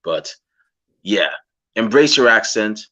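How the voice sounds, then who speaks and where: A man's voice: fairly low pitch, slow pace. Guyanese man hosting a wrestling chat. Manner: animated, impersonates fans excitedly. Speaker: podcast host. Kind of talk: casual interview chat.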